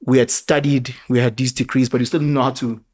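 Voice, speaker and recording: A middle-aged man with a South African accent, telling animated parenting stories in a casual podcast chat. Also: mid-range voice, fast talker. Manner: animated storyteller, mixes local words into his talk. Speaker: father sharing parenting stories.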